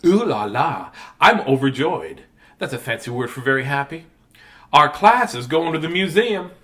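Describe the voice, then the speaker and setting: A man voicing a fancy, excitable little girl with a put-on Southern lady accent while reading a picture book aloud. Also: a little high, moderate pace. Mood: delighted.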